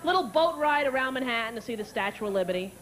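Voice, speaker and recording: A woman in her thirties doing a stand-up routine, animated and breaking into shrill character voices and sung jingles. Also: quick pace. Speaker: stand-up comedian. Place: stage before a live audience. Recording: live show with loud audience and crowd noise. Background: audience laughter.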